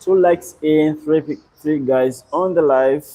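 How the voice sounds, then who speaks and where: A young man from Uganda, hosting a live stream and chatting in a relaxed, rambling way as he answers viewers. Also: on the high side, unhurried, rough recording. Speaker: livestream host. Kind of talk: casual live stream chat.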